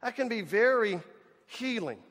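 A man preaching a sermon as pastor, animated and speaking to the congregation as folks. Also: very high voice, a little slow. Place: church sanctuary. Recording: church hall with long reverb.

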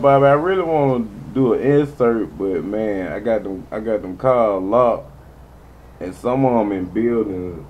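Male gaming streamer, lower voice, casual and profane, chatting to his audience. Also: a little slow, darkish tone, slight background noise, rough recording. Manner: profane, rambling, talks to viewers. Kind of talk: casual gameplay commentary.

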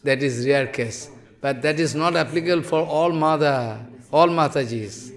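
A man's voice: on the high side, normal speed. A man giving a sermon as a spiritual teacher, telling stories animatedly in broken English and teasing his listeners.

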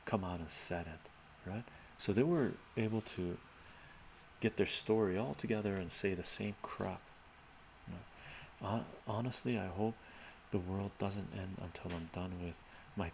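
A man's voice: on the low side, measured pace, gravelly, darkish tone, slight background noise. A man live streaming and answering his chat in a loose, rambling way, often tagging his points with "right?" and chuckling.

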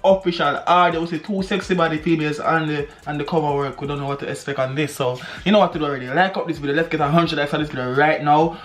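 A Jamaican man reacting to music on his vlog, talking excitedly, shouting exclamations and repeating phrases fast. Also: on the high side. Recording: echoey room with music playing.

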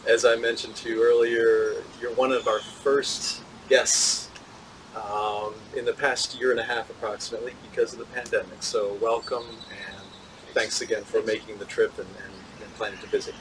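A man, a physicist, answering interview questions in a measured, thoughtful way, with small laughs and restarts. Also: on the low side, level tone, a bit bright, recorded from a distance, slight background noise, rough recording. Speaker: physicist and solar cooker tester, interview guest.

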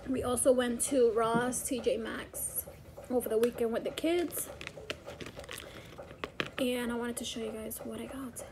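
A woman's voice: on the high side, steady tone, unhurried, long pauses, noisy background. A woman vlogging casually at home as a mother, chatty and rambling with many fillers. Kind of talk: casual chat. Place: home, indoors.

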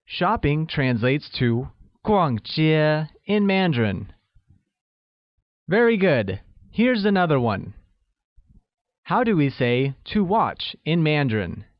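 Slow, careful male language-lesson narrator. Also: fairly high pitch, big pitch swings, no room sound, muffled recording. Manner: slow, careful delivery with drawn-out example words. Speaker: language teacher.

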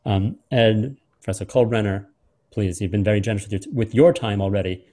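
A man hosting and lecturing, doing a close reading of a speech and drawing out key words in a measured way. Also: fairly low pitch, warm tone. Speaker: host and lecturer.

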